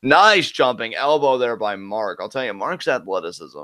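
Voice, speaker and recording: A man's voice: medium pitch, big pitch swings, moderate pace, pushed and bright, no echo. A man co-hosting a live wrestling reaction stream, giving casual, joking play-by-play commentary.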